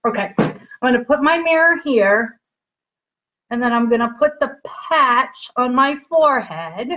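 A woman's voice: a little high, lively intonation, a little slow. A woman hosting a casual live product demo, chatty and giggly, checking in with her viewers constantly. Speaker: livestream host demonstrating skincare patches. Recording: dull lo-fi livestream audio.

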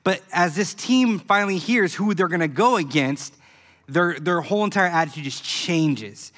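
A man preaching a youth sermon, telling a story in an animated, emphatic way. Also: high voice, moderate pace. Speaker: youth pastor. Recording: echoey hall.

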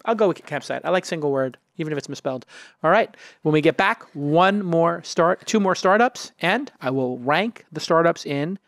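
A man hosting a startup podcast, reading an ad and joking with a guest in an energetic, salesy way. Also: fairly high pitch, moderate pace, dry recording, clean studio sound. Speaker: podcast host. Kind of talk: casual chat and host-read ad.

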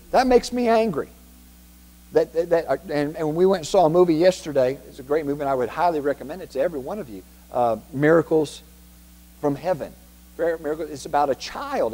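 A man's voice: a little high, a little mellow. A man preaching a sermon as pastor, emphatic and repetitive, often asking the congregation rhetorical questions. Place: church sanctuary. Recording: long reverb from a church hall.

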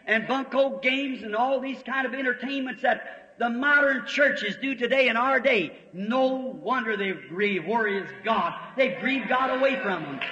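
High bright-voiced shouting preacher. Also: male voice, measured pace, a little hiss or hum. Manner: folksy storytelling, swells to shouts. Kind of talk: fiery revival sermon. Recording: old lo-fi tape, long hall reverb.

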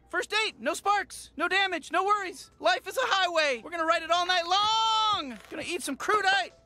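A man's voice: extremely high pitch, measured pace, sharp tone, exaggerated voice. A man voicing a cocky, overconfident teenage boy in a cartoon, talking in a brash, rambling, self-assured way. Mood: breezy. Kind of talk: animated cartoon acting.

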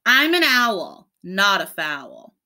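A woman's voice: medium pitch, sing-song, takes it slowly, sharp tone, full character voice. A woman doing a fed-up storybook owl. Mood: indignant. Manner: indignant, hooting. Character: lonely young male owl, fed up.

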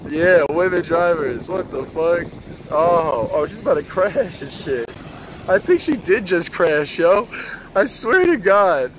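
Brash crude young male streamer, high-pitched voice, outdoors on a city street, heavy traffic noise, phone mic. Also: sing-song, slow. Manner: brash, crude, teasing strangers. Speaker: livestreamer. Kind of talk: street livestream banter.

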